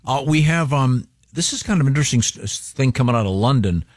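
A man's voice: medium pitch, expressive, a little fast, dry recording, studio quality. A man hosting a radio show, chatting with co-hosts and teasing upcoming news stories with many fillers. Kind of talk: casual morning radio banter. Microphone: studio microphone.

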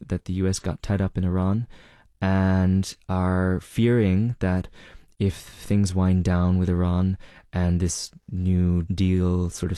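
Low-voiced man explaining as reporter. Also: warm tone, no echo, clean studio sound. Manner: measured, explanatory, with fillers. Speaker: reporter guest. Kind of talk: interview answers.

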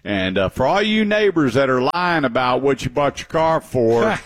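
A middle-aged man hosting a radio talk show, chatting and telling stories in a lively, joking way. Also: medium pitch, normal speed. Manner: chatty, lively storyteller with laughs.

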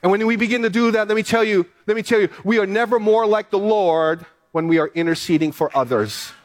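A high-pitched man delivers a sermon from the pulpit. He speaks earnestly, stressing his main points by repeating them. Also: fairly quick. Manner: earnest, repeats key phrases for emphasis. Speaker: pastor.

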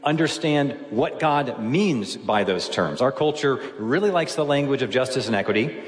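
A man's voice: mid-range voice, expressive, normal speed. A man preaching a sermon as pastor, teaching through verses step by step and asking rhetorical questions. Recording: echoey hall with long reverb.

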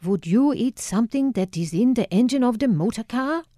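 A woman's voice: on the high side, expressive, moderate pace, warm tone, no echo, studio quality, voice pushed up. A woman putting on a sneering old Dutchman with a guttural accent. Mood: sneering lecture. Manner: sneering, lecturing. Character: eccentric old Dutch herbalist man, sneering and preachy.

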